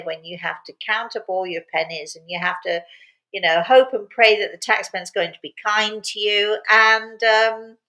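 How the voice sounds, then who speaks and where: An older woman with a mid-range, slightly bright voice hosts a casual live chat, upbeat and rambling, laughing often. She keeps fighting a lingering, intermittent cough, and the audio is poor.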